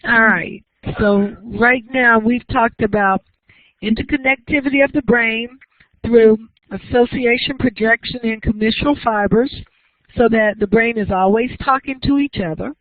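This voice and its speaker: A woman lecturing to a class, explaining each idea patiently and often pausing to ask whether everyone follows. The recording is dry and thin, with a narrow, phone-like sound. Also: on the high side, no room sound. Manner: explanatory, checks understanding with frequent questions. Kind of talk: university lecture.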